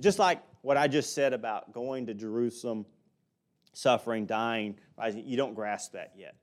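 A middle-aged man preaching a sermon in a conversational way, acting out quoted lines. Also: normal speed. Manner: conversational preaching, animated pitch, acts out quotes. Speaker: pastor.

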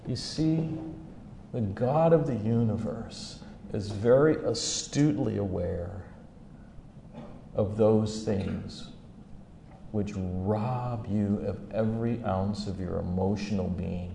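A man preaching a sermon as a humorous story, acting out the scenes with big jumps in pitch and loudness. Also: slow, vocal fry, slight background noise.

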